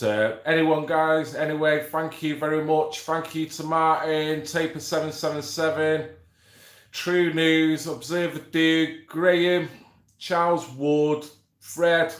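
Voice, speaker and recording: A man's voice: on the high side, roomy sound. A man hosting a casual livestream, bantering with viewers, swearing and reading out names from the chat. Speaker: livestream host.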